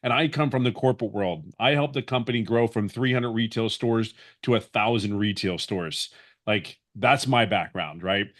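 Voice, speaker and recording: A man's voice: fairly low pitch, normal speed, fairly bright tone. A man in his fifties, a webinar guest giving a personal testimonial in an earnest, rambling way with many restarts. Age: 50s.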